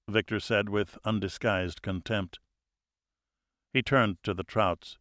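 A man's voice: on the low side, steady tone, slow pace, pauses often, fairly bright tone, no echo, studio quality. Man narrating an adventure novel. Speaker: audiobook narrator. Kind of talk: scripted narration.

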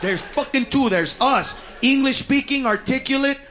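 An American male stand-up comedian riffing loudly and profanely at his audience in a comedy club. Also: very high voice, moderate pace. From United States. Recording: loud crowd laughter and noise, live club.

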